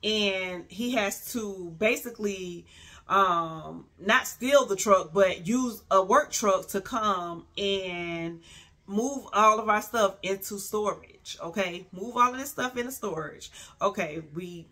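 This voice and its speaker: A woman telling a casual story, animated and profane, acting out every quote. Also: medium pitch, takes it slowly.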